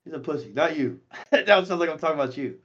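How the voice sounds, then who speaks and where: A man hosting a voice chat stream, talking in a profane, confrontational way that swings between muttering and shouting. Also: on the high side, sing-song, fast talker, dull audio. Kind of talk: heated casual voice chat.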